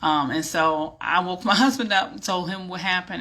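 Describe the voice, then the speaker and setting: A middle-aged woman tells her own story to the camera in a casual vlog. Her voice is bright and ringing. She speaks in a lively, animated way, like she's chatting with friends. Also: on the low side, moderate pace, soft background music. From New York. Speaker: vlogger and business coach.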